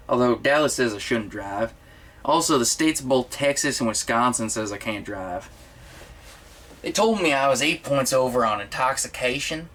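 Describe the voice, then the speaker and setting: A man's voice: mid-range voice, a bit bright. An actor playing a dim-witted, cheerful male secretary in a mockumentary comedy, earnest and rambling.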